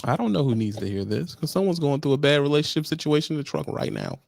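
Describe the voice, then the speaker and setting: Gravelly trucker dude ranting like a preacher, dry close sound, all slang and exasperation. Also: male voice, a little high, big pitch swings, fast, a little mellow, dry recording. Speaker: truck driver trainer. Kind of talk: casual vlog rant.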